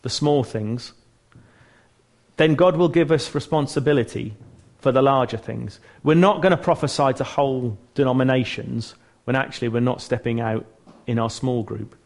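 A man's voice: medium pitch, normal speed, creaky. A man giving an informal church teaching talk, earnest and chatty, restarting phrases and joking at his own expense. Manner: chatty and earnest, with frequent restarts and self-mocking humour.

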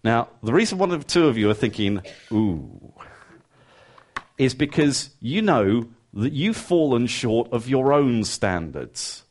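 Lively preacher. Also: male voice, mid-range voice, moderate pace, hardly any pauses. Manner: lively, rising emphatic questions then quiet earnest asides; conversational, acts out listeners' thoughts. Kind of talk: sermon.

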